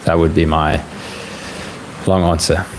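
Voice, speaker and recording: Young guy with a really low voice, soft easygoing livestream talk, a fan humming faintly in the room. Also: level tone. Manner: gentle, reflective, speaks in unhurried phrases with frequent fillers. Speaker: livestream host answering viewer questions. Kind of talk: casual live Q&A talk. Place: home room with a fan running. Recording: faint fan noise in the background.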